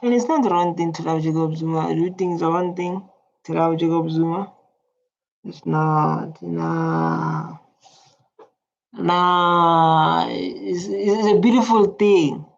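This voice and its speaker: A woman's voice: fairly low pitch, fairly even intonation, takes it slowly, vocal fry. A woman giving rambling, chatty reaction commentary, often repeating her words. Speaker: reaction video host. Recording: slightly muffled lo-fi recording.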